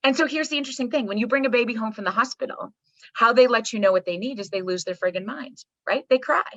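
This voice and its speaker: A woman's voice: fairly high pitch, quick pace, a bit bright, no room sound, dull audio. A woman psychologist guest talking emphatically on a podcast, swearing casually and checking in with "right?" and "okay". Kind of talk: energetic podcast conversation.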